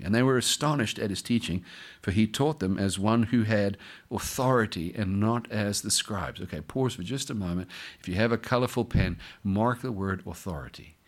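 Lively lower-voiced man preaching. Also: brisk. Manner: lively, breaks off to comment and joke. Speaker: pastor. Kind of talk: sermon with scripture reading.

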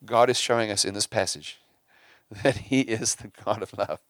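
A man's voice: lowish voice, normal speed, no room sound, clean studio sound. Resonant-voiced man preaching a sermon. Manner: repeats and restarts words, swings from hushed to emphatic.

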